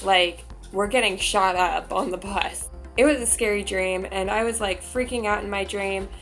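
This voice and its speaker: A woman's voice: mid-range voice, steady tone, normal speed, a bit bright, faint music behind. A young woman vlogger telling a story casually in a chatty way, with lots of filler words.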